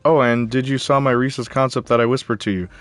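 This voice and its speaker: A man's voice: medium pitch, steady tone, brisk, a bit bright, no room sound, soft background music. A young man hosting a live game stream, chatting casually and answering viewer comments. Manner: chatty, jumpy, talks back to chat.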